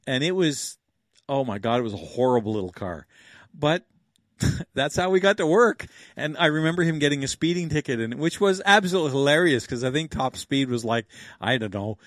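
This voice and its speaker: An older man in his sixties hosts a livestream in a loose, rambling way, often chuckling and talking through what he is doing. His voice sits at an ordinary middle pitch, and the sound is close and dry with no room echo. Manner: rambling, chuckling, thinks aloud. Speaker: livestream host. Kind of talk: casual livestream chat.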